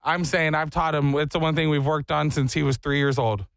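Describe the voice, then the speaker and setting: A man hosting a talk show, telling stories with lively impressions. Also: fairly high pitch, a little fast, gravelly, no echo, clean studio sound. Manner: animated storyteller, mimics people. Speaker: radio show host. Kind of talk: casual chat.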